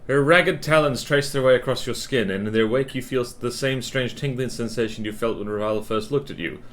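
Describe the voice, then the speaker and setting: A man's voice: mid-range voice, brisk. A man streaming a video game, reading its text aloud and joking in casual commentary. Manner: jokey, reads game text aloud between quips.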